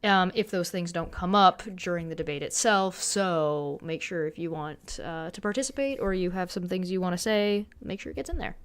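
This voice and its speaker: A woman's voice: fairly low pitch, normal speed, few pauses, smooth. Chatty woman hosting a livestream. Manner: chatty, loose announcements with fillers. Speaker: host reading announcements and chat questions. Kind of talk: casual livestream chat.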